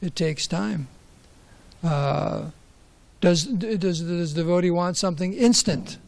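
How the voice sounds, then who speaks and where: A man's voice: high voice, unhurried, creaky, darkish tone. A man giving a conversational scripture class, asking rhetorical questions and telling stories. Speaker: class speaker.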